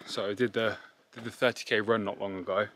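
On a forest hiking trail, a travel vlogger co-host chats upbeat and casual, tripping on place names as he goes. His voice is on the low side and fairly bright, with fairly even intonation and a slightly fast pace, captured in a noisy outdoor recording.

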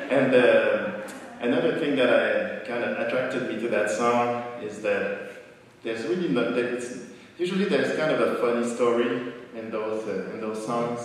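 A man with a Québécois French accent, a folk musician out of breath, chatting playfully and haltingly from the stage between songs. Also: medium pitch, animated, a bit bright, a little hiss or hum. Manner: halting and playful, laughs often. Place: outdoor festival stage. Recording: echoey hall-like PA sound from far off.

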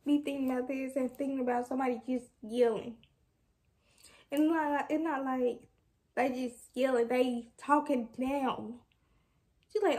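Young woman, high voice, casual vlog, frustrated, rambling venting. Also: fairly even intonation, moderate pace, long pauses, darkish tone. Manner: frustrated, candid, rambling with restarts. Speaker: vlogger.

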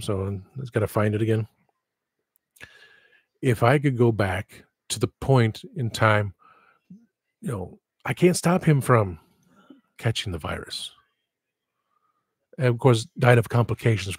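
A man's voice: fairly low pitch, slightly rough, no echo, studio quality. A man hosting his own livestream podcast, talking frankly in a loose, rambling way and swearing freely. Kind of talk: casual rambling livestream chat.

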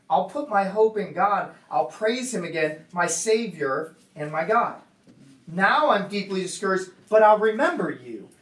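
Preacher in an echoey hall. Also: male voice, high voice, distant mic. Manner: conversational, many fillers and restarts. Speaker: pastor. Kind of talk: casual sermon. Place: church hall.

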